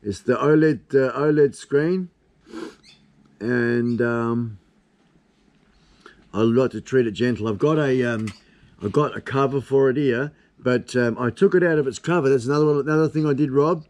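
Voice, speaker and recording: A man's voice: medium pitch, moderate pace, darkish tone. An Australian man in his fifties chats his way through a live stream from his desk at home. His talk is loose and rambling, full of casual swearing and easy asides to his viewers. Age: 50s. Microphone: camera on desk.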